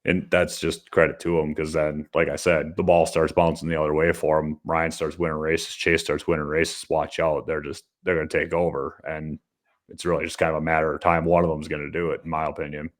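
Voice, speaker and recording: A man co-hosting a podcast, chatting casually with a relaxed manner and dry jokes. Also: a bass voice, brisk. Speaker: podcast co-host. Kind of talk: casual chat.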